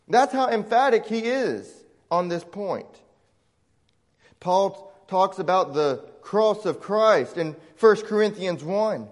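A Southern American man preaches from the pulpit in a high voice, taking his time over each phrase. He is emphatic and sometimes voices imagined objectors. His words ring out with the long reverb of a church sanctuary. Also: unhurried. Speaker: pastor. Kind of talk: sermon.

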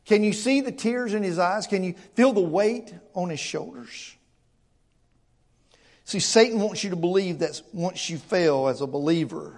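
A male pastor preaching a sermon to his congregation, earnest and emphatic, often stammering and repeating words and asking rhetorical questions. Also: high voice.

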